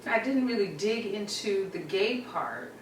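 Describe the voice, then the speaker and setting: A middle-aged woman, a mother, telling a family story in casual chat, animated and acting out what people said. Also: mid-range voice, unhurried, a little hiss or hum. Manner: animated storyteller, laughs and acts out quotes. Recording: roomy, slightly distant mic with faint ambience.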